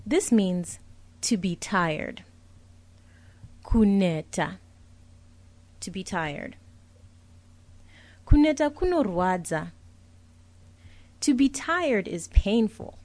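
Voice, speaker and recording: A young adult woman teaching vocabulary pronounces each word carefully, then repeats it with a translation. Her mid-range voice is warm, with no room sound, and she comes across as patient and clear.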